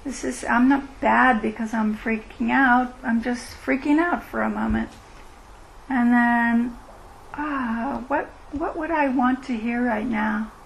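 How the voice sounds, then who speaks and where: A middle-aged woman leading a meditation retreat, speaking in a gentle, unhurried, reflective way as she answers questions. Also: on the high side, fairly even intonation, slight background noise, poor audio. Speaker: meditation teacher. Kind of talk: dharma talk with Q&A. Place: retreat meeting room.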